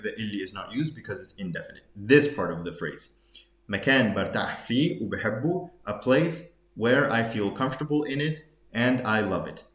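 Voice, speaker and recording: A man's voice: lowish voice, reverberant. A man explaining Arabic phrases in English during a reading lesson, thinking aloud with many fillers and restarts as he switches between the two languages. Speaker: Arabic dialect teacher.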